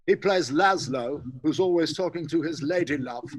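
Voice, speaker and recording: A man's voice: a little high, moderate pace, low-quality recording. A middle-aged man, a special effects artist guesting on a podcast, talking casually in a rambling, jokey way and swearing freely.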